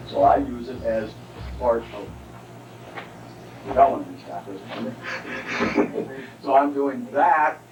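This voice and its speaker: A male karate instructor at a seminar, demonstrating techniques and often checking that his students follow. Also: medium pitch. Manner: explanatory, keeps checking in with listeners. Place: training hall at a seminar. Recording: distant, roomy, noisy 1989 seminar recording.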